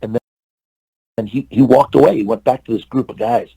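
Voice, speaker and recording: A man's voice: mid-range voice, a little fast, gravelly, warm tone, husky, dry recording, poor audio. A man in his sixties from California, an interview guest telling a long anecdote and acting out the dialogue, with many fillers and restarts. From California, USA.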